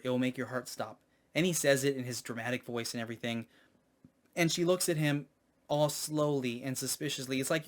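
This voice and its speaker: A man's voice: a little high, fairly bright tone. A man giving a casual spoken movie review, hesitant, with many ums and restarts.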